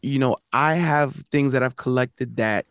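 A man co-hosting a podcast in casual chat, easygoing and halting, with laughing asides. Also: mid-range voice, smooth, no echo. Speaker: podcast co-host.

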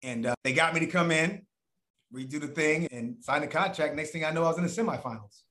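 A man's voice: a little high, quick pace, a bit bright, roomy sound. A man as a podcast guest, telling a long story in a casual, profane way and acting out other people's voices.

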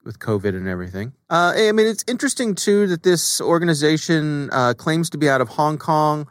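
Relaxed male podcast co-host. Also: fairly high pitch, fairly quick, no echo, clean studio sound. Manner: relaxed, conversational with fillers. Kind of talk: casual chat.

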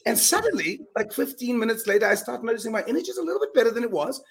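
A middle-aged man speaking as a guest on an interview podcast. He talks in an emphatic, earnest way, with quick restarts and repeated words. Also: extremely high pitch, very animated, vocal fry. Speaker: guest speaker on mind power. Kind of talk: animated storytelling in a podcast interview.

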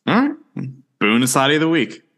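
A young man co-hosting a podcast in casual chat. He teases with a wry tone and walks through plot points in a steady, recapping way. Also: mid-range voice, normal speed. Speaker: podcast co-host.

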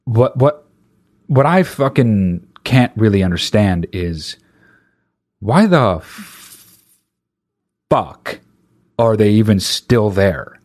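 A comedian doing a stand-up rant, talking in an exasperated, profane and rhetorical way. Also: male voice, on the low side, very animated, takes it slowly, pauses often, a little mellow.

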